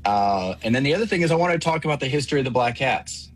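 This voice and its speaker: Male caller, husky, measured delivery, phone line. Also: mid-range voice, lively intonation. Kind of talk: casual call-in.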